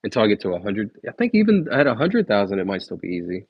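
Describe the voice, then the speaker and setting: His voice is fairly low and slightly rough, swinging hugely in pitch as he talks quickly. The young man is counting numbers on a casual stream, chatting in laid-back slang with viewers between counts, captured in dull, dry lo-fi audio without echo.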